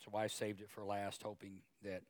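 Passionate preaching pastor, dry sound. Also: male voice, completely flat delivery, normal speed, dry recording. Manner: emotional, grows louder and higher when preaching; conversational asides and repeated words. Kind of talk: sermon.

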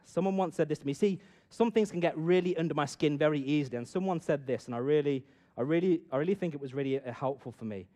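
A middle-aged man telling a personal story to an audience and drawing a lesson from it, swinging from loud bursts to hushed asides. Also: a little high, fast talker, few pauses. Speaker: speaker addressing an audience. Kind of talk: storytelling talk with a moral.

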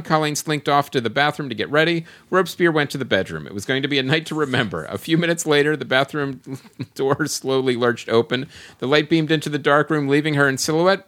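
A man's voice: fairly high pitch, a little fast, a bit bright. A man hosting a casual podcast, reading listener comments aloud and laughing often as he goes. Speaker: podcast host.

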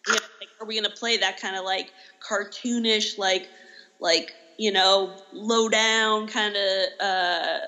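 A woman, an improv teacher, chatting casually as a guest in an interview, rambling with lots of "like" fillers and quick self-corrections. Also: mid-range voice, steady tone, bright, forceful tone, low-quality recording. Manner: rambling, heavy use of "like" as a filler.

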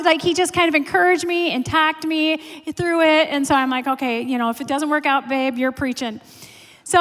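Woman, 40s, sermon speaker; high-pitched, chatty, self-mocking; long church-hall reverb. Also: a bit bright. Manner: chatty, self-deprecating storytelling with many fillers. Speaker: pastor's wife preaching.

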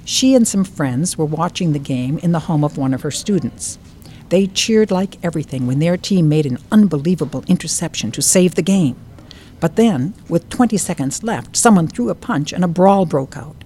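Older woman author, low mellow voice, expressive reading, faint room noise. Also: moderate pace. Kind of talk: reading from her book, then interview chat. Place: bookstore.

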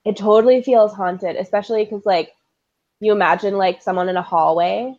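A woman's voice: medium pitch, steady tone, normal speed. Young woman with a sick, dull-sounding voice. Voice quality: soft, giggly, filler-heavy. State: sick, congested. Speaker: podcast co-host. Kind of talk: casual chat.

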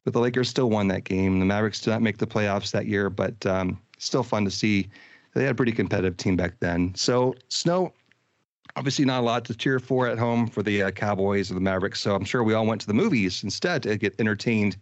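A man in his fifties hosting a podcast, chatting in a relaxed, rambling way about old times. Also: fairly low pitch, brisk, no room sound. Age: 50s. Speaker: podcast host. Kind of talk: casual nostalgic chat. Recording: dull dry lo-fi recording.

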